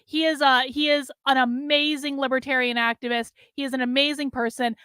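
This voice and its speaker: Female livestream host, high pitch, dry close mic, blunt and profane. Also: level tone, a little fast, sharp tone, clear, resonant tone, dry recording. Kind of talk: livestream commentary reacting to clips and reading viewer messages.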